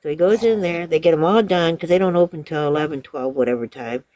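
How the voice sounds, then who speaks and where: A woman's voice: sits low, fast talker, mellow. A middle-aged woman chatting on a live stream on her phone, telling a funny story and laughing as she goes. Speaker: viewer joining a live stream. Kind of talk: casual storytelling chat.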